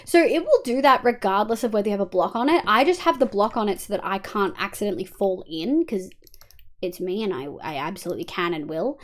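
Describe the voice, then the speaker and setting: A woman's voice: medium pitch, sing-song, fast talker. An Australian woman streaming a game live, talking casually and swearing often as she chats with viewers over a headset.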